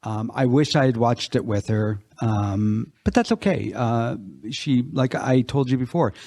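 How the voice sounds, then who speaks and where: A man's voice: mid-range voice, a little slow, a little mellow, dry recording. A male podcast co-host speaks in a reflective, conversational way. He drops dry little asides into a casual film chat.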